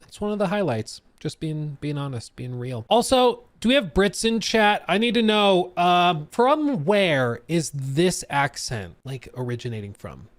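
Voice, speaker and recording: Guy on a stream, lively up and down voice, rambly, keeps correcting himself, dry close sound. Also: a little high, no echo. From United States. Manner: chatty, rambling, frequent laughs and self-corrections. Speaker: streamer reacting to a video. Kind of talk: casual live-stream commentary.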